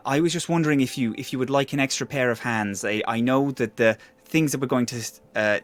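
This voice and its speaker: A man's voice: mid-range voice, natural voice. A man voicing a small, timid toad healer in a put-on Welsh accent, stammering and apologizing as he speaks. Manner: nervous, stammering, keeps apologizing.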